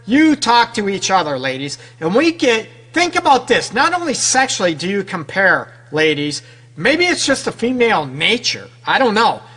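Man, high voice, radio advice host, frank, rhetorical questions, casual delivery. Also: big pitch swings, normal speed, pushed and bright, breathy edge. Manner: talks straight to listeners with rhetorical questions; frank, loose and conversational. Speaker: radio show host and relationship counselor.

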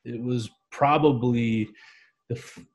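A man's voice: mid-range voice, fairly even intonation, takes it slowly, rough recording. A man in his thirties telling an emotional personal story in a casual conversation, earnest and heartfelt. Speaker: podcast guest.

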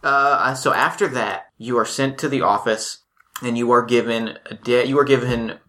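A man acting as game master, narrating a tabletop role-playing game in a relaxed, playful way. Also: medium pitch, moderate pace.

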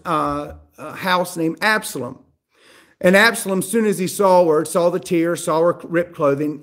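A man with a high-pitched voice preaches a sermon, walking through a Bible story step by step. He talks to the congregation in a conversational, storytelling way and checks in with them as he goes.

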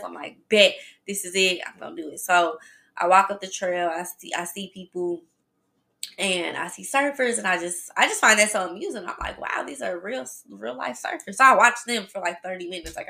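Chatty woman with a gravelly bright voice. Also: mid-range voice. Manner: chatty, animated storytelling addressing listeners as y'all. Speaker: podcast host. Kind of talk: casual storytelling.

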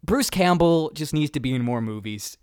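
A young man in his twenties hosting a casual movie podcast, talking quickly and animatedly and swearing freely. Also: on the high side, animated, a little mellow, smooth, dry recording, clean studio sound. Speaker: podcast host.

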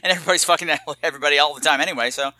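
A man's voice: a little high, racing, bright, forceful tone, no echo. A man co-hosting a podcast, trading campy, crude jokes about a movie and laughing at his own lines. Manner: slips into put-on voices. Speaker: podcast co-host. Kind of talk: casual comedic movie chat.

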